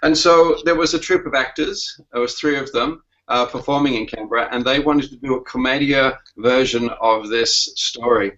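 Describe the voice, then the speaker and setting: An Australian man tells a story over a video call. His voice is bright and forceful, but it breaks into frequent uh and um pauses. The call audio is dull and lo-fi. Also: medium pitch. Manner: halting, full of "uh" and "um". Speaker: commedia performer.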